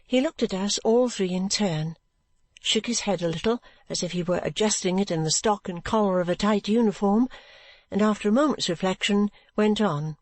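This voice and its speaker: An audiobook reader narrating a classic novel in an even, measured way. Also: mid-range voice, dry recording.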